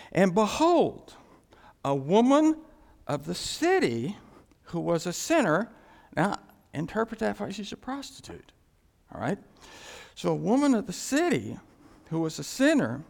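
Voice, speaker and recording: A man preaching an expository sermon, animated, repeating phrases for emphasis and swinging between loud and soft. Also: a little high, creaky.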